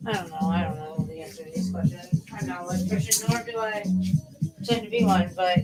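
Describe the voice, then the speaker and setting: Swearing, rambling woman streamer over loud music. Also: fairly low pitch, fairly even intonation, a little fast, low-quality recording. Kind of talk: casual livestream chat. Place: at home. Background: loud music playing.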